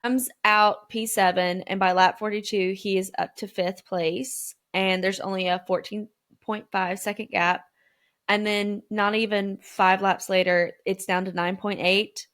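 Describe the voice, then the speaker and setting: A woman's voice: medium pitch, unhurried. A woman co-hosting a podcast, walking through a race in casual chat and acting out quotes with feeling. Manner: animated storyteller, acts out quotes. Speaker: podcast co-host.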